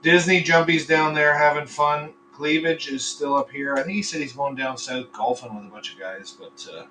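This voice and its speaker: A man's voice: a little high, fairly even intonation, moderate pace, sharp tone, far from the mic, slight background noise, rough recording. A man hosting a casual live podcast, rambling between topics, swearing freely and telling crude jokes. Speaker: podcast host. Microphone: computer microphone.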